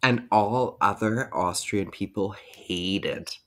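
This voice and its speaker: Very deep-voiced man. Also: slow. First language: German. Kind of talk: casual chat.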